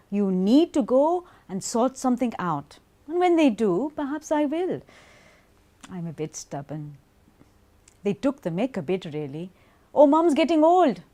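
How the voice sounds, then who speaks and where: A woman's voice: fairly high pitch, mellow. An actress playing a frank, wry middle-aged mother with mild hearing loss. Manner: frank, wry, a bit stubborn. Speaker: actor voicing a mother's testimony. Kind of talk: scripted testimony monologue.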